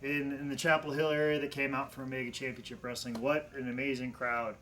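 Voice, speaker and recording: A man's voice: mid-range voice, level tone, brisk, a bit bright. Earnest man talking wrestling. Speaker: co-host, wrestler. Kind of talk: casual wrestling podcast chat.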